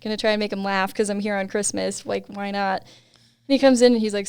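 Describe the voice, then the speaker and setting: A woman's voice: mid-range voice, level tone, brisk, gravelly, darkish tone, clean tone, dry recording. A young adult woman, a podcast guest, telling a story in casual chat, laughing often and saying "like" a lot.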